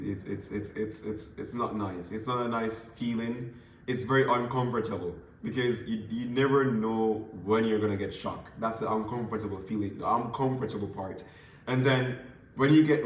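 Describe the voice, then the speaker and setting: A man's voice: mid-range voice, recorded from a distance. A man chats loosely to his live-stream viewers, circling back and repeating himself as he goes. His voice sits a little back from the microphone in an echoing indoor room. A faint hum of ambience runs underneath. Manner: rambling, repeats words, talks straight to viewers. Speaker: livestream host. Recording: roomy sound from off-mic, faint ambience.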